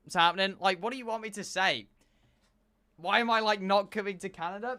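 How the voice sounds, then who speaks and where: A man's voice: high-pitched, fairly quick. A young man, a streamer, chatting casually and joking back and forth with his live chat. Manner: animated, joking banter with chat.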